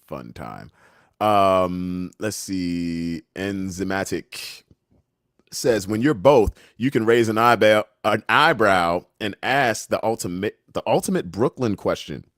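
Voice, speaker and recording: A man's voice: lowish voice, fairly bright tone, dry recording, clean studio sound. A man from Washington, D.C. hosting a casual livestream, reading chat comments aloud and laughing often.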